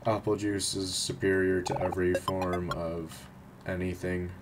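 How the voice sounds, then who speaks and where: A man's voice: deep voice, completely flat delivery, a little slow. An apple juice zealot, as a man puts him on. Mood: earnest. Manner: earnest salesy lecturing. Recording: loud background noise.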